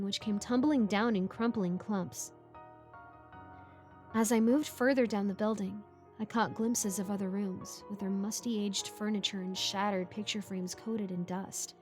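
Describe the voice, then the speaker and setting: A woman reading a first-person horror story aloud in a measured, steady scripted narration. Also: mid-range voice. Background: background music.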